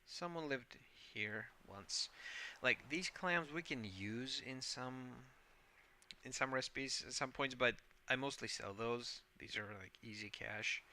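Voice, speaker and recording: A man's voice: mid-range voice, unhurried, pushed and bright, slight background noise. A man giving casual game commentary in a rambling, hesitant and playful way, with a habit of saying "like". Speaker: gameplay host.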